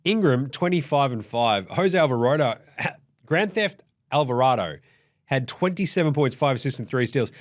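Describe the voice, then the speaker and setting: Animated, foul-mouthed Australian man. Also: medium pitch, normal speed. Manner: swears freely and acts out players' voices. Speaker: basketball recap show host. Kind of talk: casual profane game recap.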